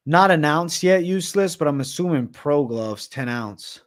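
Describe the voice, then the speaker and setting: A young Massachusetts man hosts a livestream, chatting loosely, swearing constantly, and reading viewer comments out loud. His voice is fairly high-pitched and expressive, at a moderate pace.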